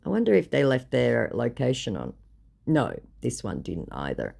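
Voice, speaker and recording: A woman's voice: rumbling low, huge pitch swings, normal speed, creaky, warm tone. A woman vlogger sarcastically retelling her chats with scammers, exasperated and swearing.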